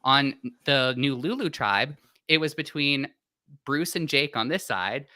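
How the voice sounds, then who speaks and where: Bright-voiced man co-hosting a podcast. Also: medium pitch, lively intonation, a little slow, dry recording, studio quality. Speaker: podcast co-host. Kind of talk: casual podcast discussion.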